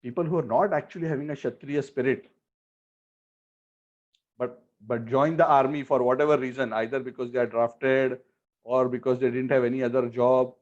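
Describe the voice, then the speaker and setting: A man giving a sermon on scripture, slowly chanting verses and asking rhetorical questions. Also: mid-range voice, fairly even intonation. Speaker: spiritual teacher. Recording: dull lo-fi recording.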